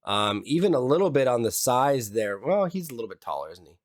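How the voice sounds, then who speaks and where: A man's voice: mid-range voice, very animated, fairly quick, a crowd in the background. A man co-hosting a casual sports podcast, speaking in a laid-back way that often trails off. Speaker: podcast co-host.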